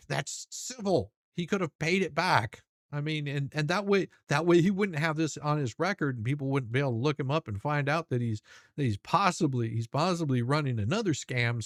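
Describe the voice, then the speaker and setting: A man's voice: a little high, no room sound, clean studio sound. Profane, sarcastic male streamer. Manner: mocking, profane ranting. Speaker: streamer and commentator. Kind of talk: crude sarcastic commentary.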